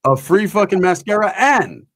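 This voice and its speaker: A man's voice: high voice, expressive, moderate pace, fairly bright tone, slight background noise. A man co-hosting a live-stream chat, joking around and swearing casually. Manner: joking, profane, easygoing. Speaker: co-host.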